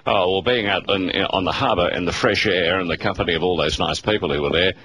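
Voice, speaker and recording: Aussie talkback host, really low voice but bright and forceful, chatty and rambling with lots of uhs, faint hum behind. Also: male voice, fast talker. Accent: Australian. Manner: genial, rambling, full of hesitations. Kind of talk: casual chat with callers. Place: radio studio.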